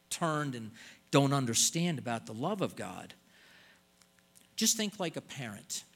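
A man's voice: medium pitch, fairly bright tone. An older man preaching a sermon in an earnest way, stretching out words and pleading as he stresses points.

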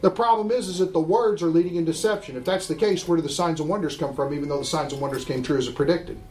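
A man's voice: on the high side, fast, darkish tone, slight background noise. A man teaching a Bible class, emphatic and often asking the class questions. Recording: roomy room echo.

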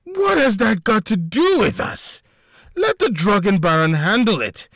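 A man voicing a furious, blustering male city official who screams shrilly and hoarsely. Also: sits high, big pitch swings, measured pace, a bit bright, no room sound, studio quality, pitched above the performer's own voice, heavily acted.

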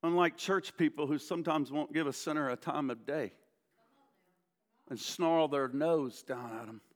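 A man preaching a sermon as pastor, building to emphatic repeated lists and dropping to soft, slow appeals, often restarting words. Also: fairly high pitch.

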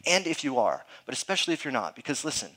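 A pastor in his thirties preaches with earnest emphasis, keeping an easy, conversational tone. His voice sits at an ordinary middle pitch for a man. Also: sing-song, quick pace, bright, forceful tone, low-quality recording. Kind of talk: sermon.

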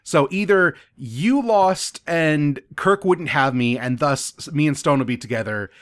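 A man's voice: fairly high pitch, measured pace, a bit bright, dry recording. A man voicing a cold, calculating alien woman, explaining herself in a matter-of-fact, rambling way. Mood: smug.

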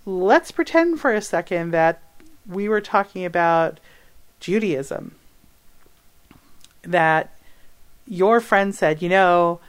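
Taking it slowly with long pauses, a lowish-voiced woman answers a listener's question on her advice podcast. Her delivery is animated and emphatic, punctuated by laughter and self-corrections.

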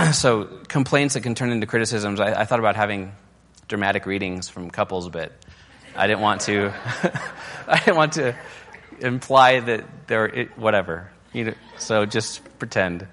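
A man with a fairly low voice talks through a sermon on marriage, loose and conversational, with frequent restarts. His voice rings through a big hall with a long reverb tail. Now and then he lifts his pitch to mock a nagging spouse. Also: moderate pace, fairly bright tone. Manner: casual and conversational, with fillers and restarts; acts out quoted criticisms in a raised, mocking voice.

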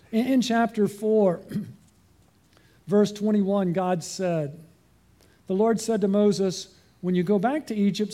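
Earnest high-voiced male preacher. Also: warm tone. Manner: earnest, asks the congregation questions. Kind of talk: sermon.

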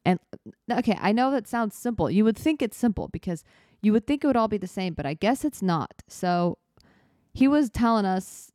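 A woman's voice: mid-range voice, animated, normal speed, mellow, no echo, clean studio sound. A young woman in her twenties hosting a podcast, telling stories in a rambling, self-interrupting casual chat. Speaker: podcast host.

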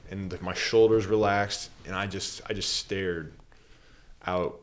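A man with a low voice speaks a little slowly and with fairly even intonation. As a guest on a casual podcast, he earnestly tells a personal story, rambling and filling his speech with "like" and other fillers.

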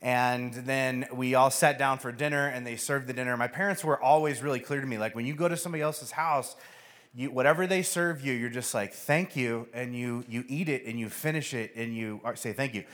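A man preaching a sermon, telling a funny story with acted-out voices. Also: brisk. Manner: storytelling, acts out voices with animated pitch jumps. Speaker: pastor.

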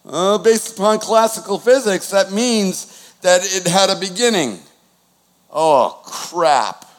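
A man's voice: high-pitched, takes it slowly. A man, preaching a conversational sermon with sudden swings in volume. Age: 60s. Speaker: pastor. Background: new-age music.

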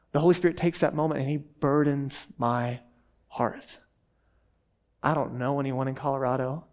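This sermon comes from a Texan pastor, a man in his thirties. His delivery is rapid and animated, full of lively storytelling, with a pitch that runs a bit high.

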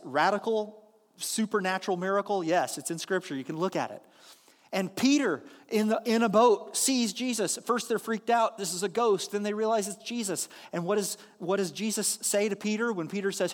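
High-voiced man preaching in a hall. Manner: earnest, animated storytelling with slow emphatic lines. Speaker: pastor. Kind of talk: sermon.

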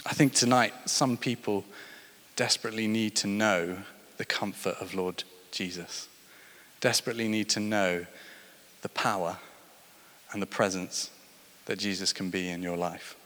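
With a lowish, somewhat bright voice, a man preaches at a moderate pace broken by long pauses. He tells stories and builds to emphatic points, rising and falling in emphasis amid long hall reverb.

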